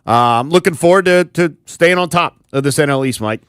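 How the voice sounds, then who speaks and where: A man's voice: a little high, a little fast, clear, resonant tone, no room sound, studio quality. A man co-hosting a sports radio show, thinking aloud and often repeating words as he talks. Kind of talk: casual sports talk.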